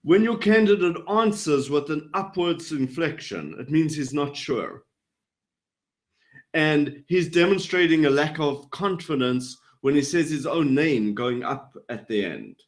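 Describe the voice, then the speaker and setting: A man who trains people in body language, explaining his points in an animated way over a video call and acting out rising and falling intonation. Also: on the high side, a little slow. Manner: animated, demonstrates vocal inflection up and down. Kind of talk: explanatory interview talk.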